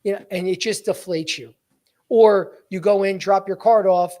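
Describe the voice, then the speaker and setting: A man's voice: high-pitched, moderate pace. A man hosting a live podcast as a sales coach, talking energetically and directly to his listeners, often repeating or correcting himself mid-sentence. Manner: energetic, direct, keeps addressing listeners as guys. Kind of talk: live podcast, motivational talk.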